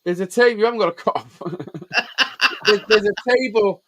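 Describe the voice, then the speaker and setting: A man telling stories in an animated, sweary way in casual chat. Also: high-pitched, moderate pace, dull audio. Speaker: host.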